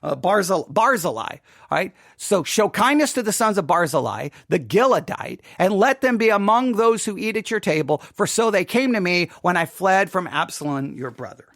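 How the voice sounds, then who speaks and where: A man's voice: high voice, big pitch swings, moderate pace, vocal fry, hardly any pauses, fairly bright tone, no echo, clean studio sound. A man teaching a Bible passage in a loose, conversational way, often restarting words and checking in with "all right?".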